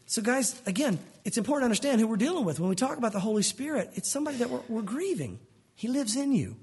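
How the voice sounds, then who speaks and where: High-voiced husky male preacher. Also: very animated, fast talker, a little mellow. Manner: conversational, addresses listeners as "guys"; earnest, explains verses in plain words. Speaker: pastor. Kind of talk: sermon.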